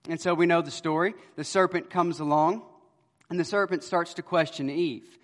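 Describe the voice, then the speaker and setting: A man's voice: steady tone, moderate pace. Preaching man in a reverberant hall. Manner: storytelling, swings between loud emphasis and quiet low lines. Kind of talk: expository sermon.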